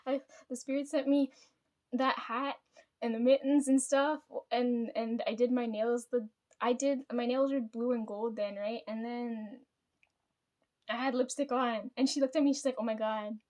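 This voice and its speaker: A woman's voice: on the high side, steady tone, moderate pace, darkish tone. A woman telling a rambling family story to her camera, swearing often and laughing between thoughts. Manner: rambling, frequent swearing, chatty asides. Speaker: vlogger.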